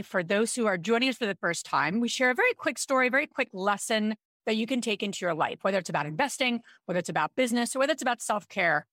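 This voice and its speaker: A woman's voice: mid-range voice, no room sound, clean studio sound. Chatty woman co-host telling a story. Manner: animated, chatty, with frequent "like" and "I'm like". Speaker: podcast co-host. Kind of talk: casual storytelling chat.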